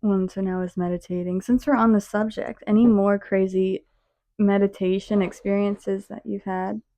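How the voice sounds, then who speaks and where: A young woman co-host telling a story in an easygoing way, her mid-range voice recorded close and dry. She speaks with soft "um" and "like" fillers. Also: medium pitch, moderate pace, no echo. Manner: relaxed recounting with soft fillers. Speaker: podcast co-host. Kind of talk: casual chat.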